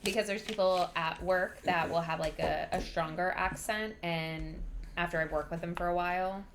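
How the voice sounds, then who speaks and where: A woman co-hosting a book club podcast in casual chat, chatty and self-deprecating, talking in quick bursts. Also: on the low side, steady tone, slight background noise. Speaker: podcast co-host.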